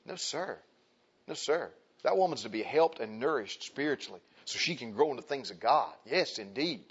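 Male preacher, husky voice, emphatic and repetitive sermon delivery, dull lo-fi recording. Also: medium pitch, lively intonation, a little fast. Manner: emphatic, repeats phrases, turns to address the men and women in turn.

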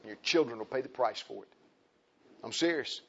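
A man preaching a fiery sermon, emphatic and repetitive, swinging between shouts and hushed tones. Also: medium pitch, lively intonation, moderate pace, gravelly, husky. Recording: dull lo-fi recording.

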